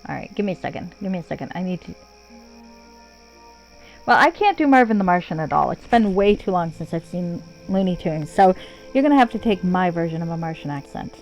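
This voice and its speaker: A woman's voice: lowish voice, expressive, fairly quick, vocal fry, a little mellow, faint music behind. A woman streaming a game, chatting casually and rambling, swearing freely and joking about herself. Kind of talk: casual live-stream commentary.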